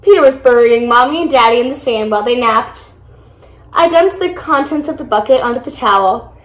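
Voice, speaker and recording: A young woman reading a children's picture book aloud, lively, with excited exclamations for the characters. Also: a little high, a little fast, echoey room, rough recording. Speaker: storybook reader.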